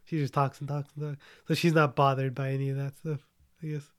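A man's voice: medium pitch, flat delivery, fast, a bit bright, no room sound, clean studio sound. A young man chatting casually about a movie as a podcast co-host, rambling and joking, often trailing off mid-sentence. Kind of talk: casual movie review chat.

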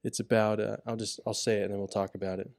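A young man co-hosting a podcast, talking earnestly in casual chat and getting animated as he retells a story. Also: fairly low pitch, quick pace, gravelly, no echo, studio quality. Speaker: podcast co-host.

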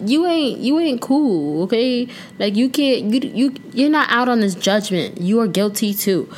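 A woman's voice: fairly high pitch, slight background noise. A young woman hosting a casual solo podcast, chatting playfully with slang and now and then breaking into song. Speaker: podcast host.

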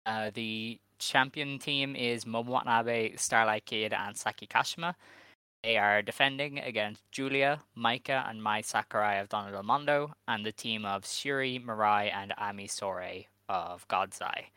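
A man co-hosting a casual podcast, laying out details and then cutting in with dry, sarcastic remarks. His voice is smooth and bright, and the mic sounds dry. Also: on the low side, normal speed, no echo. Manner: dry, sarcastic rundown of the card. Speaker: co-host. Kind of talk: casual wrestling podcast chat.

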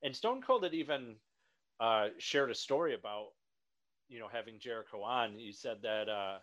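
A man interviewing a guest in a casual, halting conversational way. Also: mid-range voice, lively intonation, a bit bright, dull audio.

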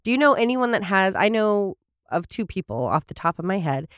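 A woman's voice: medium pitch, big pitch swings, brisk, no echo, studio quality. A woman co-hosting a podcast in casual chat, laughing often and stumbling over words as she reads episode summaries. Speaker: podcast co-host.

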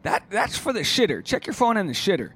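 A man's voice: sits high, big pitch swings, a little fast, a bit bright, breathy edge. A man who is a stand-up comedian, talking alone on his podcast in a rambling, profane, casual way. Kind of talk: solo podcast monologue.

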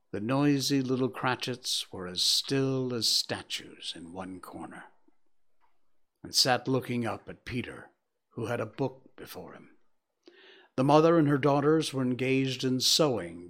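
Slow, measured male storyteller. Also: medium pitch, lively intonation, fairly bright tone. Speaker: narrator. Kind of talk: storybook reading aloud.

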